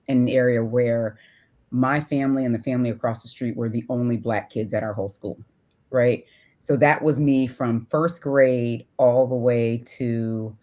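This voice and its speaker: Low-voiced woman telling a personal story. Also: darkish tone. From Syracuse, New York. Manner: laughs often, says "right?" a lot. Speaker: podcast co-host. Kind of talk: casual chat.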